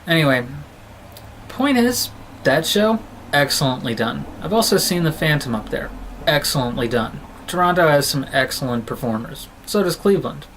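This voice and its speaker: A man's voice: fairly high pitch, lively intonation, moderate pace, a bit bright, a little hiss or hum, poor audio. Rambling, chatty male film vlogger. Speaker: film reviewer. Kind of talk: casual film review vlog.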